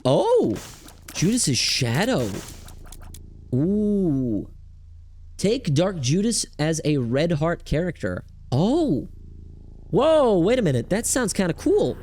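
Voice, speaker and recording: Excitable young man with a lively, high voice. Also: slow pace, pauses often. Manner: rambling, filler-heavy, excitable. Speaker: gaming streamer. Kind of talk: casual gameplay commentary.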